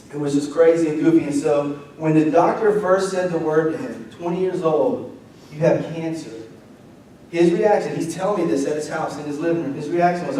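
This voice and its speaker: A young man preaching a casual, story-driven sermon in a church, quoting people in lively voices. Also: fairly high pitch, slight background noise. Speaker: pastor. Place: church sanctuary. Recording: echoey hall from far off.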